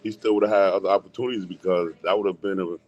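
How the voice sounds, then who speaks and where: A man with a lowish voice talks through a fight story in relaxed street slang. He laughs easily and speaks without hurry. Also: highs cut off. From Hartford, Connecticut. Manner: laid-back street slang, quick laughs. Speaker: guest boxer. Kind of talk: casual chat.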